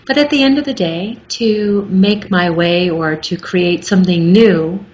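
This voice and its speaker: Middle-aged woman, clear articulate storyteller, interview guest on a slightly muffled line with faint hiss. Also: on the low side, a little slow, darkish tone. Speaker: guest, audiobook narrator. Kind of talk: casual interview chat. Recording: muffled with faint background noise.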